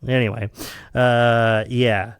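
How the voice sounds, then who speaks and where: A man's voice: mid-range voice, flat delivery, slow pace, clear, resonant tone, no room sound. A man hosting a podcast in casual chat, rambling with many fillers and frequent laughter. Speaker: podcast host.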